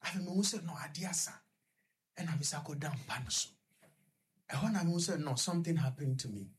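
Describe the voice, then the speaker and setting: Young Ghanaian man, husky, halting radio-guest storyteller who trips over repeated words. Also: on the high side, expressive. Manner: halting, with stuttered repetitions. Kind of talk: personal storytelling in conversation.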